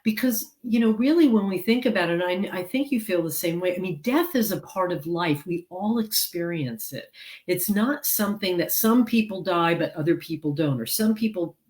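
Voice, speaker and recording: A woman's voice: fairly low pitch, expressive, moderate pace, darkish tone. A woman author and counselor speaking as an interview guest over a video call, earnest and rambling with many fillers. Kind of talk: casual interview chat.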